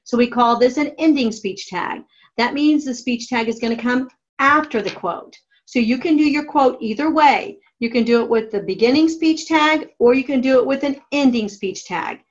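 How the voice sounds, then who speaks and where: A woman writing teacher giving a classroom grammar lesson, dictating each step slowly and deliberately. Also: fairly high pitch, dull audio. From United States. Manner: slow, deliberate dictation of steps.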